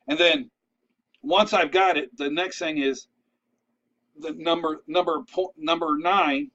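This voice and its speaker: A man with a slightly high voice talks in a loose, conversational way, full of asides. He keeps checking in with his listeners as he gives practical tips. The recording sounds a little dull and lo-fi. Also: fairly bright tone. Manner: conversational, checks in with "all right?"; loose and rambling, with restarts and asides. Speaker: vlogger giving networking tips. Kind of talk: casual advice talk to camera.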